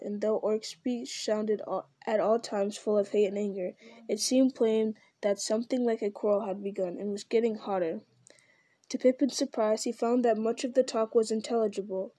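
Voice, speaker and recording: A woman narrating an audiobook in a steady, even storytelling voice. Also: on the high side, no room sound. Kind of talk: audiobook reading.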